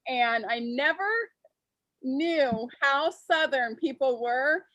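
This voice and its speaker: A woman from California co-hosting a casual morning show, talking quickly and chattily. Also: high voice, a bit bright, no echo, lo-fi sound. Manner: quick, chatty, laughs along. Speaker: co-host.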